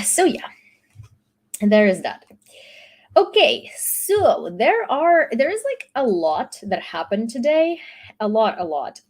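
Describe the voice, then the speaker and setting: A woman's voice: fairly high pitch, darkish tone. A young woman from Ukraine, chatting loosely through a news recap with fillers and restarts. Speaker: YouTube news host. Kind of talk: casual news commentary.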